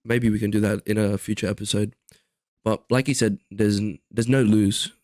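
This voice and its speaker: A man's voice: lowish voice, flat delivery, moderate pace, a little mellow. A young man talks casually on a podcast, rambling and restarting his sentences. The sound is dry, with little room echo. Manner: rambling, lots of fillers and restarts. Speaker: podcast co-host. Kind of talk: casual chat.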